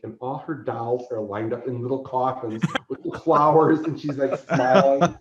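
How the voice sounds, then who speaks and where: Animated storytelling man, roomy sound. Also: medium pitch, normal speed, hardly any pauses. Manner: animated storyteller who acts out characters. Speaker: convention organizer and guest. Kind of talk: casual podcast interview. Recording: roomy, slightly dull recording.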